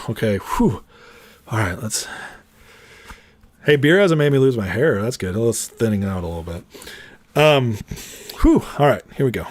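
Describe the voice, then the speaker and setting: A man's voice: mid-range voice, lively intonation, moderate pace, long pauses, no echo. A man hosting a casual political commentary livestream, chatty and rambling, laughing often as he talks to his viewers.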